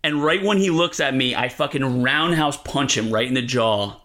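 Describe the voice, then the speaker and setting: A comedian guest on a podcast telling a story in an animated, profane way, full of fillers. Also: male voice, mid-range voice, moderate pace.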